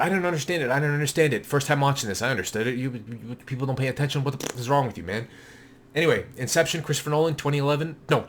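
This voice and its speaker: A man talking casually in a vlog, blunt and rambling, swearing freely and jumping between quick asides. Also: medium pitch, slight background noise. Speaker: collector showing his movie collection.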